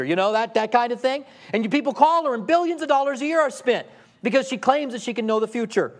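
A man's voice: extremely high pitch, animated, quick pace. A man preaching a sermon in a conversational way, asking the congregation rhetorical questions and acting out quoted voices. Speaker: pastor.

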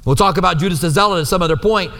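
This pastor's rapid-fire, high voice sounds pushed and bright as he teaches a sermon in a church. He keeps it conversational, often checking that the room agrees, with long hall reverb on the recording.

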